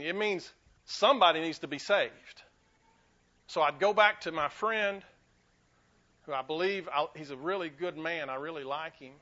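A man's voice: on the high side, bright, forceful tone, dull audio. A man preaching a sermon to his church, building to emphatic, repeated declarations and leading the congregation in call and response. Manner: preaching with rising fervor, repeating lines for emphasis. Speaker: pastor. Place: church sanctuary.

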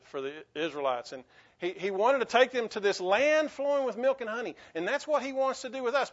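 A man preaching a sermon as pastor, earnest and emphatic, often restarting his phrases. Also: high voice. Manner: earnest, repetitive restarts, rising to emphatic bursts. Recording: dull lo-fi recording.

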